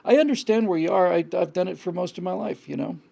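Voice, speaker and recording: A man's voice: high-pitched, quick pace, gravelly, mellow. A man hosting a live call-in show, giving blunt, frank advice in a rambling way with many restarts. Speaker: host.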